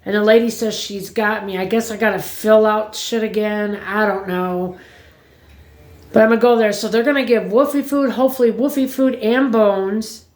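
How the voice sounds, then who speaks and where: A woman's voice: medium pitch, steady tone, normal speed, a little mellow. A woman vlogging from home, chatting casually to her viewers in a rambling, blunt way and swearing freely. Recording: roomy echo.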